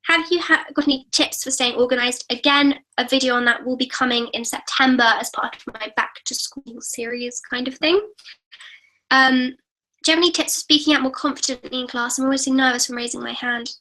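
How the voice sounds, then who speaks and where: A woman's voice: high voice, steady tone, a little fast, bright, forceful tone, rough recording. A teenage girl, chatty and apologetic, hosting a live-stream Q&A and reading out viewer comments. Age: teens. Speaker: YouTube host.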